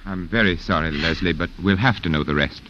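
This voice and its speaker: A man's voice: sits low, brisk, fairly bright tone, slight background noise. A man in 1940s radio acting, playing a firm investigator who asks probing questions, on a lo-fi old radio broadcast. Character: brisk man questioning a witness.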